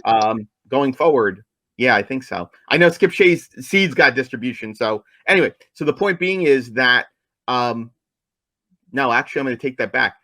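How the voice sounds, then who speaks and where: A man's voice: medium pitch, lively intonation, normal speed, bright, forceful tone, no room sound. A man co-hosting a podcast, talking in an enthusiastic, casual way and repeating his points for emphasis. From New Jersey, USA. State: coughing, apologizes for it. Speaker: podcast co-host.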